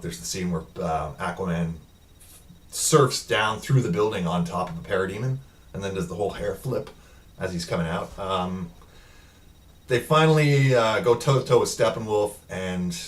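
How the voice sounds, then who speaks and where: A man's voice: deep voice, recorded from a distance. A man giving a casual, rambling film review recap, with lots of ums and uhs, quoting the characters in his own voice.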